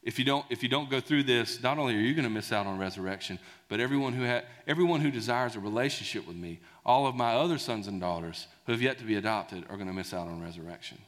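Guy preaching, chatty and animated, bright voice, big echoey church. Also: medium pitch, quick pace, few pauses. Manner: conversational, animated storytelling. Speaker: pastor. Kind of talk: sermon. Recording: long hall reverb.

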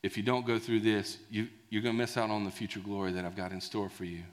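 A man's voice: on the low side, fast talker. Man preaching in a reverberant hall. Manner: conversational, animated storytelling. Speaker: pastor. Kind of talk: sermon.

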